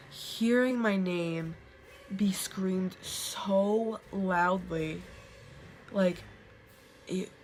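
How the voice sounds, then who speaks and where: A young woman vlogger casually telling ghost stories to the camera, full of "like" fillers and quick laughs. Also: lowish voice, slight background noise. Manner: chatty, lots of "like" fillers, quick laughs, acts out quotes.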